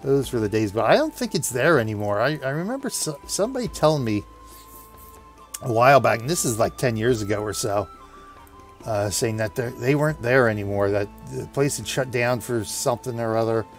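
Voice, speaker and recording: A man's voice: medium pitch, animated, a little fast, soft background music. Chatty man rambling through an anecdote. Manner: chatty, laughing, many restarts. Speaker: gaming video host. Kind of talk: rambling anecdote over gameplay.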